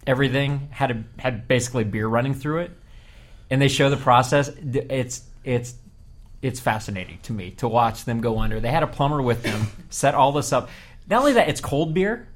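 A man's voice: mid-range voice, lively intonation, a little fast. A man hosting a casual group podcast, telling a long story with lots of laughter and restarts. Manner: rambling storyteller, laughs often. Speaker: podcast host.

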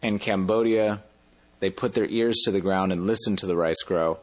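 A man's voice: low-pitched, normal speed. A man telling a travel story in a casual interview, rambling and often correcting himself mid-sentence. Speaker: interview guest.

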